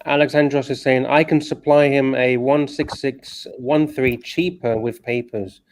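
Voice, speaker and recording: A man co-hosting a casual livestream chat, animated and prone to rants and laughter. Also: medium pitch, unhurried. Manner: animated, ranting, laughs easily. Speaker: co-host.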